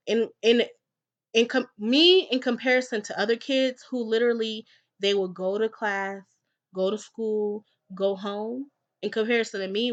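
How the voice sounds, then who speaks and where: A young woman, a classroom teacher, shares advice with her viewers in a casual vlog. Her voice sits in a middle pitch, and she leans hard on her points, often saying them twice. She moves from quiet asides to loud, lively urging. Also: dull audio. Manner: emphatic, repeats points for stress; lively, swings between soft and loud.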